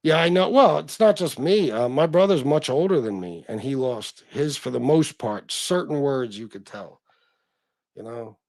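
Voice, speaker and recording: A man's voice: mid-range voice, animated, normal speed, darkish tone, dry recording. A middle-aged man hosting a casual livestream, reading chat comments and talking in a blunt, profane, self-deprecating way.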